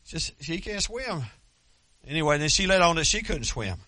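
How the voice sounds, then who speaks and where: A man's voice: on the high side, very animated, normal speed, pushed and bright, no room sound. A middle-aged man preaching a sermon as pastor, telling stories earnestly with self-deprecating humor.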